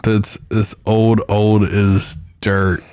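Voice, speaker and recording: A man hosting a podcast, talking casually and bluntly, swearing freely and slowing down to stress his points. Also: on the low side, flat delivery, a little mellow, a little hiss or hum. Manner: blunt, profane, slows for emphasis. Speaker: podcast host.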